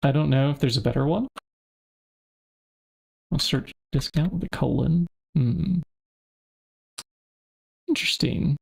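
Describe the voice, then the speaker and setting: A man's voice: fairly high pitch, measured pace, creaky, long pauses, a little mellow, slightly rough. A man streaming a modded game, chatting casually and thinking aloud as he searches through items. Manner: thinks aloud, muttering to himself while searching. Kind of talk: casual gameplay commentary.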